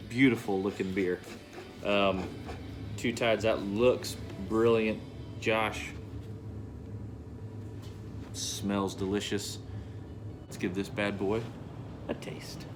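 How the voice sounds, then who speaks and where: A man sits in his home basement bar and talks through a beer review, loose and easygoing. His voice sits a little low, and his words come out upbeat and peppered with casual swearing. Faint music plays in the background. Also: fairly even intonation, slow, long pauses. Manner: laid-back, enthusiastic, swears casually.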